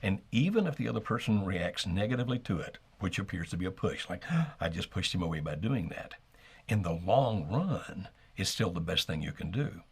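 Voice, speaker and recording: A man co-hosting a live call-in marriage advice show, calmly explaining what to do and acting out sample lines. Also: sits low, fairly quick, vocal fry, slightly rough. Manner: calm, explanatory, acts out sample dialogue. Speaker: marriage coach co-host.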